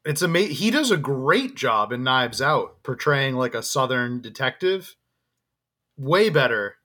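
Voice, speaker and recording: A man's voice: mid-range voice, big pitch swings, unhurried, bright, forceful tone. A man co-hosting a podcast, talking in a loose, rambling way with frequent laughs and restarts. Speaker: podcast co-host. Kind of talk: casual podcast chat.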